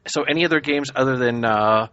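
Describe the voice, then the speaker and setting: A man's voice: medium pitch, brisk, fairly bright tone, clear, resonant tone. A man hosting a gaming podcast who steers the topics and makes dry, wisecracking asides in casual chat. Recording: dull lo-fi podcast audio.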